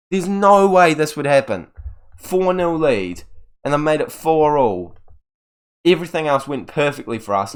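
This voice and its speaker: Exasperated man narrating his game. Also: fairly high pitch. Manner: exasperated, swings from loud outbursts to muttering. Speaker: gaming video creator. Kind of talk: live gameplay commentary.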